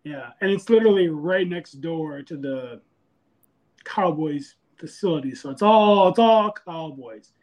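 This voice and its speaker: A man's voice: a little high, lively intonation, unhurried, darkish tone. A man calling into a podcast, chatting in a laid-back, easygoing way. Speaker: caller. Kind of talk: casual call-in chat.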